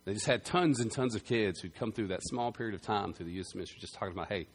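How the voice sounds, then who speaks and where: A man preaching a sermon, telling a story with loud bursts that drop to quiet, earnest passages. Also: fairly low pitch, fast talker, breathy edge. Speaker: pastor.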